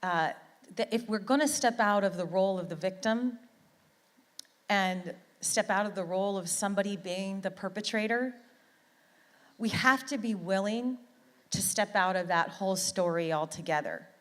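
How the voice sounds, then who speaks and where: A middle-aged woman from Canada speaks at a conference in a large hall, her medium-pitched voice fairly bright and moderately paced. The motivational talk is earnest and heartfelt, with words often repeated for emphasis.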